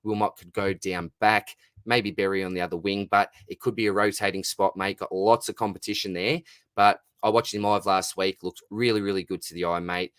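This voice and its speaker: A man's voice: low voice, a bit bright, smooth, no echo, studio quality. An Australian man hosting a casual live Q&A stream, laid-back and chatty, reading out viewer questions and calling everyone mate. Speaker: fantasy football livestream host.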